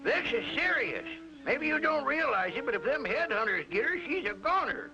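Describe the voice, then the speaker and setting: An actor playing a folksy old swamp guide who talks in a drawling country way, on an old cartoon soundtrack. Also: male voice, very high voice, sing-song, moderate pace, muffled recording, over music. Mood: earnest.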